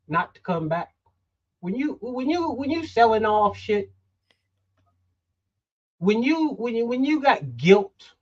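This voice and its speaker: A man's voice: sits high, lo-fi sound. A middle-aged man hosting a political talk show, heated and emphatic, swearing now and then. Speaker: host.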